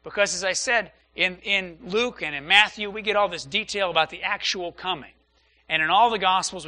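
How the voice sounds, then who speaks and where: A man's voice: high-pitched, pushed and bright. A man, a pastor, preaching an earnest Sunday sermon and repeating phrases for emphasis. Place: church.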